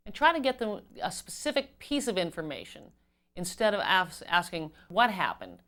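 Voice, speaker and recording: A woman giving an instructional talk on customer service as a trainer, measured and explanatory, stressing key words. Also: on the low side, big pitch swings, a bit bright.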